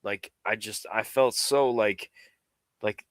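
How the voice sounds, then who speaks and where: A man's voice: lowish voice, slow pace, no room sound. A middle-aged man from the New York area, telling a long, rambling story on a casual livestream and swearing freely. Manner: rambling storyteller, profane, animated.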